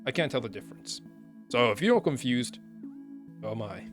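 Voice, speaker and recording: A man's voice: medium pitch, big pitch swings, brisk, soft background music. A man reading a story game's text aloud, stumbling over words and breaking off to comment.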